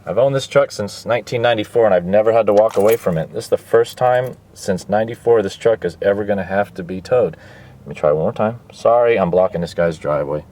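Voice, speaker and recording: A man's voice: on the low side, fast talker, a little mellow. A man vlogging casually and with profanity outdoors by a busy roadside, explaining car trouble into a handheld phone camera. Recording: outdoor traffic noise.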